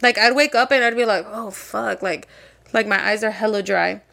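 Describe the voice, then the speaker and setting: A woman's voice: mid-range voice, brisk, gravelly, a bit bright. A young woman co-hosting a podcast, telling a story in casual chat, swearing freely and often laughing. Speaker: podcast co-host.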